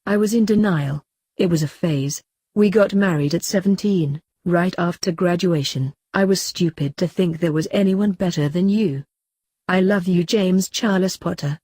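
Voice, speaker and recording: A woman's voice: fairly low pitch, moderate pace, dark tone, breathy edge, dry recording, studio quality. A woman voicing an emotional, pleading young wife while reading a story aloud.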